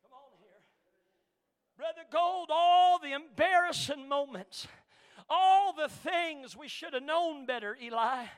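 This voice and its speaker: A male pastor preaching a sermon, swinging from shouted climaxes to quiet storytelling and calling out church members by name. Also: very high-pitched, slow, pauses often. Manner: Southern preacher cadence, calls out congregation members by name.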